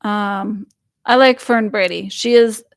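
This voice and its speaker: A young woman hosts a livestream, reading viewer comments aloud as she chats casually and rambles with fillers. Her mid-range voice stays steady and slow. The sound is clean studio quality with no room echo.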